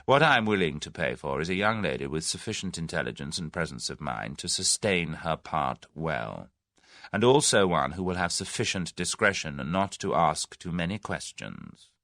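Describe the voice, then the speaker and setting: A man voicing a large, smooth-talking scheming businessman in a mystery audiobook. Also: low voice, sing-song, normal speed, fairly bright tone, no room sound, studio quality, exaggerated voice. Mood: soft. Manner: suave, oily and persuasive.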